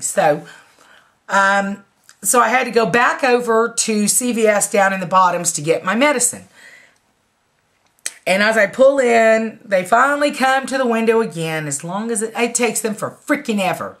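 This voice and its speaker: A woman's voice: mid-range voice, animated, moderate pace, a bit bright. A woman in her forties telling a story in a casual, blunt way, swearing freely and laughing along. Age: 40s. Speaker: vlogger.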